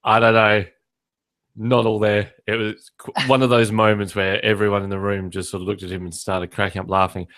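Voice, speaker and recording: A man's voice: lowish voice, little pitch movement, brisk, a bit bright. A man co-hosting a writing podcast in casual chat, telling stories with lots of fillers and jokes. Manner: chatty, jokey storyteller with frequent fillers. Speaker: podcast co-host. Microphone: remote call, some echo.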